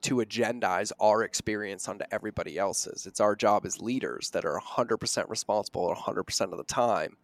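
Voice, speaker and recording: A middle-aged man hosting an interview podcast, talking earnestly and slowing down to stress his points. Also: fairly low pitch, dry recording. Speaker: podcast host. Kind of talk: conversational interview.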